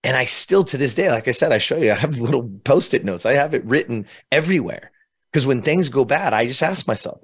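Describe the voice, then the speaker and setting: A California man, a guest on a podcast, shares an emotional personal story, animated and laughing between phrases. His voice sits at a medium pitch with a breathy edge, and he speaks briskly.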